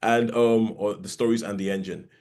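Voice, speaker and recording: A man's voice: fairly low pitch, steady tone, normal speed, a little mellow. Rambling chatty male podcast host. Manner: chatty, rambling with frequent restarts. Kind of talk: casual chat.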